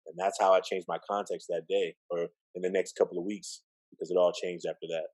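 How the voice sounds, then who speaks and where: A middle-aged man telling his life story in a relaxed interview, acting out the voices of the people he quotes. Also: deep voice, brisk, rough recording. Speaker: interview guest, educator. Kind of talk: storytelling in conversation.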